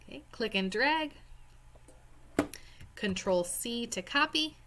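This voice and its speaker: A young woman Spanish teacher patiently walks students through a language worksheet in a screen-recorded lesson, spelling words out. Her fairly high voice is expressive and sharp, and she takes it slowly.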